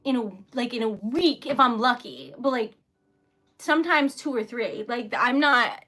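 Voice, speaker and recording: A woman's voice: on the high side, animated, measured pace, fairly bright tone. A woman live streaming while she crafts. She talks in an emotional, flustered, giggly way and sounds teary and shaky.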